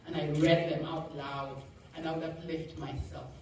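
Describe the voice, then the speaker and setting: A woman's voice: low voice, normal speed. A woman giving a motivational talk to a live audience, telling a personal story with laughter and acted-out quotes. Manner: animated, laughing, acts out quoted voices. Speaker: motivational speaker. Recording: echoey room, mic far off, faint noise.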